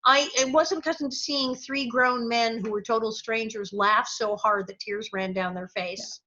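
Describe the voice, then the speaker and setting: A middle-aged woman, a former child actress, telling lively stories as an interview guest and acting out the people she quotes. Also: on the high side, normal speed. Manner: animated storyteller, acts out quotes with big laughs. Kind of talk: casual storytelling interview. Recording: dull lo-fi audio.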